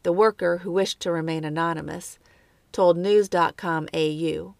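A woman narrates a true crime case at a steady, measured pace. Her voice sits low and has a gravelly fry. The sound is dry and close, with no room around it. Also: no echo. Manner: measured, lightly commenting asides.

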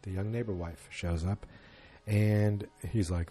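A man's voice: fairly low pitch, steady tone, measured pace, warm tone. A man giving a casual, rambling recap of an episode, with wry asides.

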